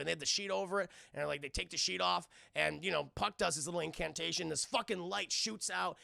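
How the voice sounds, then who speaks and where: A man's voice: fairly high pitch, quick pace, creaky, hardly any pauses, pushed and bright, no echo. A man recapping a cartoon episode to his live chat, rambling, swearing a lot and speaking animatedly. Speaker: cartoon reviewer and streamer.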